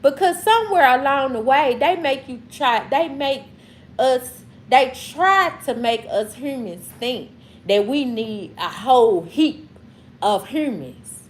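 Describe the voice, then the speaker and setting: A woman with a Mississippi Southern accent hosts a casual livestream and talks straight to her chat. Her voice sits a little high and swings widely in pitch as she repeats phrases with emphatic, preachy rhythm. A faint ambient hum runs underneath. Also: expressive, takes it slowly. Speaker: livestream host.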